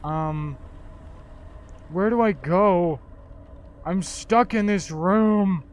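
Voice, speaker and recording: A man playing a horror game and commenting casually, joking and breaking into dramatic shouts. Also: high voice, very slow. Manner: jokey, bursts into dramatic shouts. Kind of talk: casual let's-play commentary.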